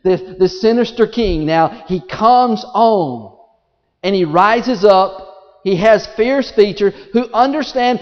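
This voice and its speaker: A man preaching a sermon to a congregation, with big swings in pitch and loudness and many rhetorical questions. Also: animated, slow. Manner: speaks to the congregation directly, asks rhetorical questions. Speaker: pastor. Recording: dull audio in a large reverberant hall.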